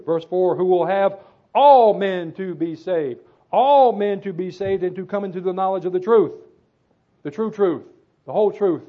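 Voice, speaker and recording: Male preacher, high voice, emphatic scripture-reading sermon delivery, thin phone-like recording. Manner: emphatic, repeats phrases for stress. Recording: tinny phone-like sound.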